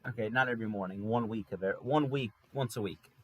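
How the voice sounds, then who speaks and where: A man's voice: fairly low pitch, quick pace, breathy edge. A man telling a rambling, wry story in a casual monologue from an apartment room. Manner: rambling, self-correcting, wry. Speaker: podcast host. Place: room in an apartment near a highway.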